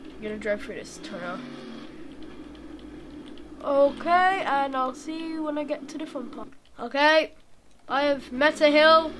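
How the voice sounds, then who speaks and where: A young woman with a high voice chats through her gameplay at an unhurried pace, rambling and humming little tunes as she drives. Loud engine and game sounds run underneath her talk. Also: lively intonation. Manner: rambling, chatty, hums and sings little tunes while playing. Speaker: gaming video creator. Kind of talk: casual gameplay commentary. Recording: clear game engine noise behind.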